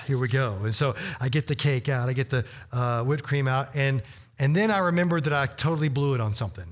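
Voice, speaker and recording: Here a pastor preaches a storytelling sermon with humor and a conversational feel, speaking fairly quickly in a fairly high, slightly bright voice. Lots of "you know" fillers pepper his direct address to the congregation.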